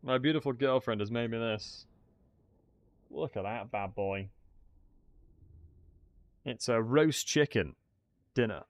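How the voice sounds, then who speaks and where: Man, casual game commentary, thinking aloud, medium pitch, dry sound. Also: slow, long pauses, no echo. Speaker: gaming streamer.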